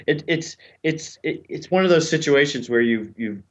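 Male podcast co-host, casual and digressive, mid pitch, slightly dull recording. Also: expressive, fairly quick. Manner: chatty, digressive, jokey asides. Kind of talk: casual chat recapping a TV episode.

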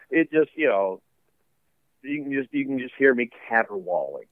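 A man's voice: medium pitch, animated, unhurried, no room sound, phone-quality sound. A man talking casually as a musician guest in an interview, rambling with lots of fillers and laughs. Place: home basement studio.

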